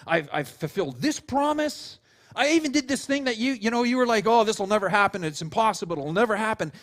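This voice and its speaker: A pastor voicing Jesus, pleading and gentle. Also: male voice, very high-pitched, pitched above the performer's own voice, exaggerated voice. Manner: pleading, with many restarts. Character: exasperated then tender male Jesus, imagined.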